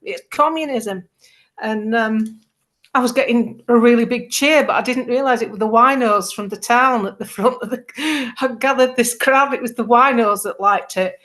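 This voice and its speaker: A woman's voice: fairly high pitch, normal speed. A middle-aged woman, chatting casually as a guest and acting out the quotes in her stories. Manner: animated storyteller, acts out quotes. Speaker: political campaigner, guest. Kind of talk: casual chat.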